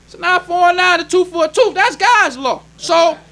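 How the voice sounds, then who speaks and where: High-voiced emphatic male preacher. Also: moderate pace, sharp tone. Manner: emphatic preaching with repeated phrases; plainspoken, conversational delivery. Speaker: minister. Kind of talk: sermon.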